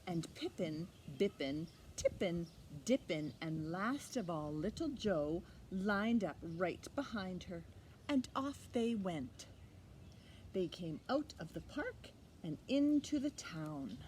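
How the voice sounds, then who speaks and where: A woman librarian reading a picture book aloud to children, expressive and animated, pausing for little asides to the listener. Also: lowish voice, slight background noise. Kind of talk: storytime read-aloud for children.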